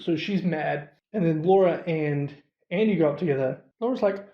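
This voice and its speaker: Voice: mid-range voice, moderate pace, few pauses, echoey room, highs cut off. A movie reviewer casually retelling a horror film's plot, with many fillers and quoted asides.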